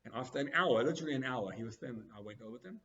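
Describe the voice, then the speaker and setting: A rabbi tells a story during a sermon, speaking fast and acting out the dialogue with dramatic swings in pitch. He is animated throughout, and the sound quality is lo-fi.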